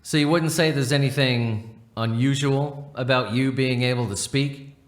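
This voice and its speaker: A man voicing a calm male doctor who asks plain, even questions in an interview, recorded in a roomy room. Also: mid-range voice, unhurried, close to an everyday voice. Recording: roomy echo.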